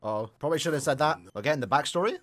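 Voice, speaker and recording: A young man hosting an anime reaction, casual and slangy, breaking into excited exclamations and shouts. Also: on the high side, rapid-fire. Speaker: anime reaction channel host.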